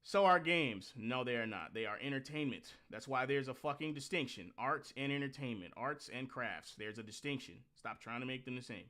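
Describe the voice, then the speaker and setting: A man hosting a reaction commentary, talking bluntly and scornfully with lots of swearing and sudden animated rants. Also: mid-range voice, brisk, hardly any pauses. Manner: animated rants with mocking outbursts. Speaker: host.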